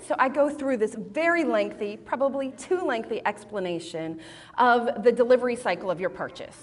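A woman giving a sermon-style talk to a women's group, telling stories in an animated, expressive way. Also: a little high, normal speed. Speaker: speaker at a women's Bible study. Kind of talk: sermon-style teaching with storytelling. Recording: long hall reverb.

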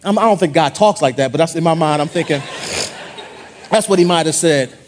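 A middle-aged male pastor, preaching a playful call-and-response sermon in a husky voice. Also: fairly high pitch, normal speed, darkish tone, slight background noise.

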